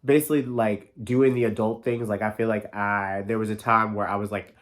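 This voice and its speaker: Fast-talking man in his thirties. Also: fairly low pitch. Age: 30s. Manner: fast, excitable, lots of "like" fillers and swearing. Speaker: podcast host. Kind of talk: casual solo monologue. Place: New York.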